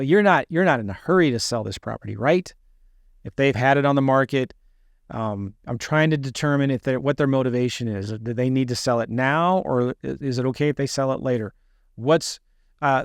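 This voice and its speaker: A man's voice: medium pitch, no room sound, studio quality. Man coaching a seller call script. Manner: acts out both sides of phone calls. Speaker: land investing coach. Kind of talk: teaching a sales call script.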